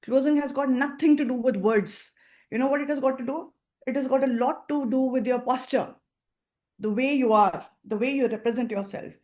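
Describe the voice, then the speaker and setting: A woman with an Indian English accent giving an emphatic sales training talk, acting out example phone calls. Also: sits high. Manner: acts out phone calls in lively voices, emphatic and instructive. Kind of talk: training talk to a seminar audience.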